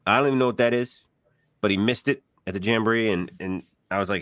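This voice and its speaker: A man's voice: lowish voice, fast, fairly bright tone, no room sound. A middle-aged man co-hosting a casual podcast chat, rambling through everyday stories and acting out what other people said. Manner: rambling storyteller, acts out quoted voices. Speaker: podcast co-host.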